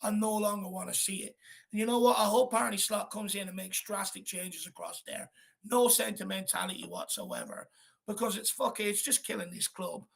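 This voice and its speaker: A man's voice: sits high, big pitch swings, normal speed, vocal fry, fairly bright tone, husky. A man hosting a live football fan chat, angry and blunt, swearing as he vents. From Ireland. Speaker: fan channel host.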